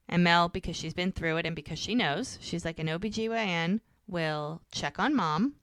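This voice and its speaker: A woman's voice: lowish voice, no echo, clean studio sound. A woman co-hosting a podcast, casually retelling TV scenes and lightly acting out the characters' lines. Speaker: podcast co-host. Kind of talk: casual recap of a TV episode.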